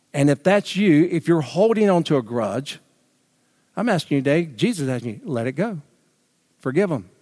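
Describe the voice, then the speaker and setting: A man's voice: a little high, dark tone. A man preaching a sermon as pastor, asking rhetorical questions and building to emphatic peaks. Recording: long reverb of a large hall.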